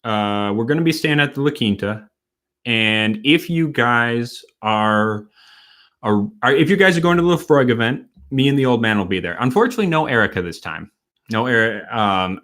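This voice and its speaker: A man from Wisconsin hosting a casual late-night livestream, a bit tipsy, rambling and halting as he talks. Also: mid-range voice, a bit bright. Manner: rambling, halting, with many fillers and restarts. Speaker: host.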